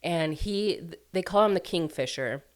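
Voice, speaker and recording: Low-voiced chatty woman. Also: animated, normal speed. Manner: chatty, filler-heavy, lots of "like" and "um". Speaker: book reviewer. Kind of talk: casual plot recap.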